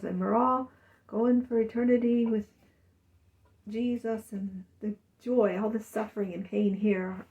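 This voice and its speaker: Rambling woman with a gravelly voice. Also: mid-range voice, darkish tone, far from the mic, muffled recording. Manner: rambling, emotional, mimics family voices. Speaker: vlogger. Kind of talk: personal monologue.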